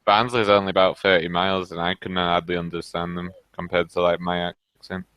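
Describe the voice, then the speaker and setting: Low-voiced West Yorkshire man. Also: flat delivery, fairly quick, a bit bright, clean tone, no room sound. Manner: hesitant, filler-heavy teasing. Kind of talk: casual online group chat.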